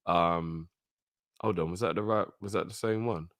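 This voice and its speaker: A man co-hosting a football fan call-in show, laid-back and slangy, giving shout-outs. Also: sits low, moderate pace, no echo, studio quality. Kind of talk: casual chat.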